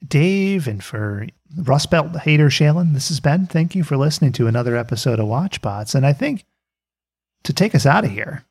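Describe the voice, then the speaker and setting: A man's voice: a little high, big pitch swings, normal speed, darkish tone, breathy edge. A man hosting a podcast in casual chat, joking and laughing often. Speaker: podcast host.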